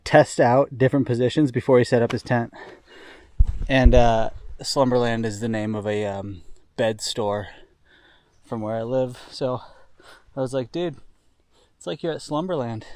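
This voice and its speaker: A man's voice: medium pitch, fairly even intonation, normal speed, darkish tone, dry recording. A young man recording a casual trail diary outdoors by a river, rambling and self-deprecating, with lots of swearing and fillers. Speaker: thru-hiker vlogger. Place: outdoors by a river near a town.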